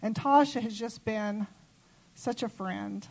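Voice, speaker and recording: A woman minister presenting gifts in a church, speaking warmly and affectionately. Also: medium pitch, takes it slowly, creaky, muffled recording. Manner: warm, affectionate, tearful at times.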